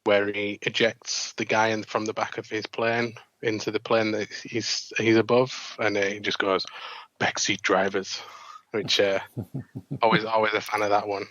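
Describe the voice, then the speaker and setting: A man's voice: lowish voice, level tone, normal speed, a bit bright, no echo, dull audio. A man co-hosting a casual gaming podcast, chatting easily and rambling about films he has watched. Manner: easygoing, rambling. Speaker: podcast co-host.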